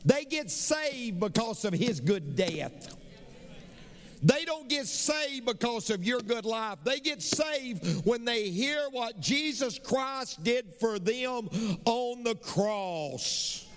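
A man's voice: very high voice, animated, slow, fairly bright tone. A middle-aged man, preaching a sermon as pastor with emphatic, repetitive phrasing in a large church sanctuary. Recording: long reverb of a large church hall.

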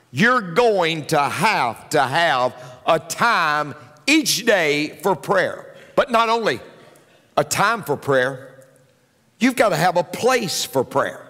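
A man preaches from the pulpit with a high, animated voice that leaps up and drops low. He hammers home his points by repeating them, and the sound rings out with long reverb in a large hall. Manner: emphatic preaching with repeated lines and big pitch swings. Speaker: pastor. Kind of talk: sermon.

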